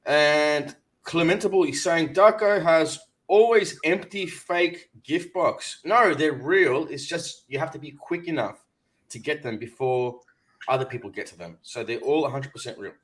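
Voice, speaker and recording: Guy reading out the live chat, upbeat shout-outs, a bit higher voice. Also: measured pace. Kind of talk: casual live-stream chat.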